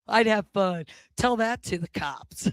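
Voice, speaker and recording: A woman's voice: medium pitch, lively intonation, measured pace, clean tone, no room sound. A woman doing an awkward, self-deprecating stand-up set at an open mic.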